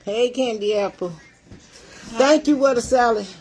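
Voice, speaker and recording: A woman's voice: a little high, measured pace, noisy background. Breathless older woman chatting on a livestream. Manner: chatty, greets commenters by name. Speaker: livestream cooking show host. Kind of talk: casual livestream chat with viewers.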